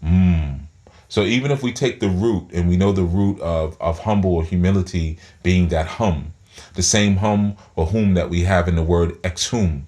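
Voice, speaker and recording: Man with a very low voice, spiritual teacher, talks through clenched teeth, rambling. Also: moderate pace, a little mellow. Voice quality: speaks through his teeth. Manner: rambling, repeats words while thinking aloud.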